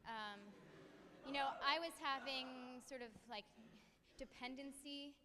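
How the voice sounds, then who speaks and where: A woman's voice: high voice, steady tone, unhurried, in a large hall, crowd noise. A young woman co-emceeing a college concert, rambling hesitantly with many ums in comic banter. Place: concert hall with a live audience.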